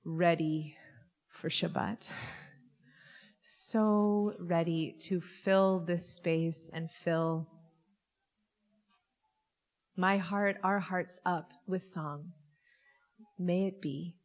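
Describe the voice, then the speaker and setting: A woman rabbi with a fairly low voice leads a Shabbat service in a large synagogue sanctuary. She's chatty and playful, talking back and forth with the congregation.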